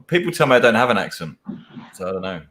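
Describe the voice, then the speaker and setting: A man in casual chat who speaks in one even tone, with hesitant restarts. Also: lowish voice, fast talker.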